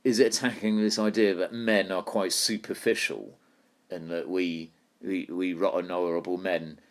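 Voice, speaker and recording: A man's voice: low-pitched, little pitch movement, normal speed. A man teaching a poetry lesson, thinking aloud and putting questions to his students. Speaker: English literature teacher.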